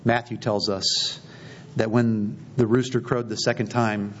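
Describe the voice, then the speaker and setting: A man's voice: little pitch movement, a little slow. A man preaching a sermon, retelling scripture stories and acting out the dialogue. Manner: storytelling, acting out quoted dialogue. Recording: slightly dull recording with faint low rumble.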